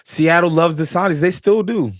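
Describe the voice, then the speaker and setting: A man's voice: a little high, moderate pace, dry recording, clean studio sound. A man co-hosting a casual movie podcast, laid-back and thinking aloud. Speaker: podcast co-host.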